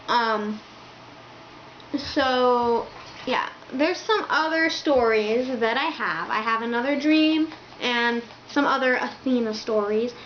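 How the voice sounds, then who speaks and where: A woman's voice: on the high side, slight background noise. A young woman telling a rambling storytime to her camera, packed with fillers like "like" and "um". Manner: rambling, filler-heavy, lots of "like". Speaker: vlogger. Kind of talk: casual storytime. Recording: echoey, slightly dull home recording.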